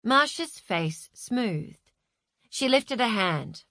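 Woman, audiobook narration, measured, expressive, dry close sound. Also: on the low side, dry recording. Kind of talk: scripted narration.

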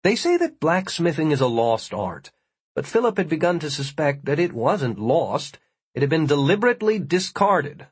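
A man's voice: fairly high pitch, sing-song, normal speed, breathy edge, dry recording. A man reading an audiobook aloud in a dry, wry storytelling manner. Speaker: audiobook narrator. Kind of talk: scripted narration.

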